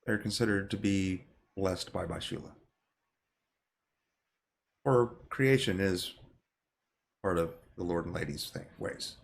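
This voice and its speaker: A man voicing a graceful, stately dragon woman who speaks in formal, measured pronouncements during a tabletop game. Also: low voice, creaky, full character voice.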